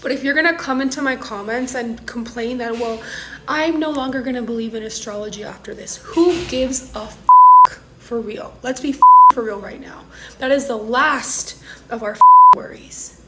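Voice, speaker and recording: A heated woman astrologer rants straight to camera, her voice sitting high. She clips her swear words short as she goes. A loud hiss of noise runs under her recording. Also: normal speed. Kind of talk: angry vlog rant.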